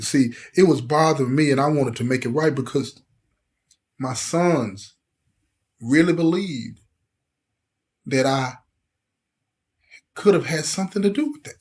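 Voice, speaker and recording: A man's voice: medium pitch, a little slow, pauses often. A middle-aged man, telling a personal story with intensity and acting out the voices of the people in it. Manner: emotional, intense, acts out quoted voices. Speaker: host telling his life story.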